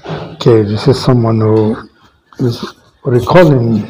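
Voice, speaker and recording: Brief: a male storyteller, unhurried, midrange voice, reading a moral tale with asides. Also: medium pitch, mellow, slight background noise, low-quality recording. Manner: deliberate, with small restarts. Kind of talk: reading a fable aloud with commentary.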